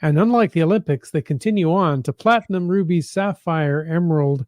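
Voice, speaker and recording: Laid back podcast cohost guy, mellow tone, dry close mic, trails off w "so". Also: fairly high pitch, fairly quick, no room sound. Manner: relaxed, easygoing, trails off with "so". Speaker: podcast co-host. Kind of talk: casual podcast chat.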